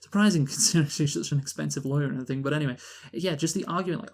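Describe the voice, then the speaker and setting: A man's voice: a little high, fast talker, few pauses. Rambling British man reviewing a film. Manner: rambling, many restarts and "like" fillers. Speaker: podcast co-host, film reviewer. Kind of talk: casual chat.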